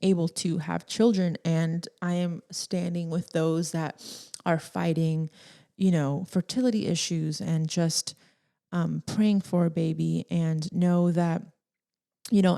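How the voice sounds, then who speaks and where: Young woman, podcast host, mellow and a bit gravelly, rambling and emotional, laughs often. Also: low-pitched. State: tearful at times. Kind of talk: casual solo podcast talk.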